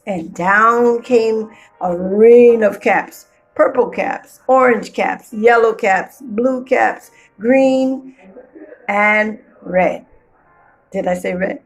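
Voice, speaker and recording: A woman reading a children's storybook aloud with playful, expressive storytelling. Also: a little high, slow pace, vocal fry, poor audio.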